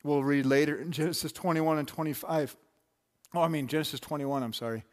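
A man's voice: a little high, brisk. Conversational male pastor preaching. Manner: animated, conversational, with asides and restarts. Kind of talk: sermon.

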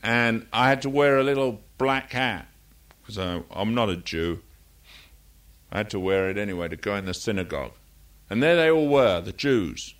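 A man's voice: fairly low pitch, expressive, normal speed, fairly bright tone. An older man preaching a sermon in a conversational, rambling style, drifting into anecdotes and correcting himself as he goes.

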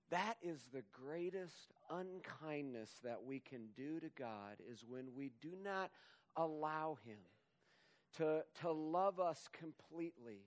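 A man preaching a sermon in a slow, earnest way, building to emphatic exhortation and closing in prayer. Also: on the high side, expressive.

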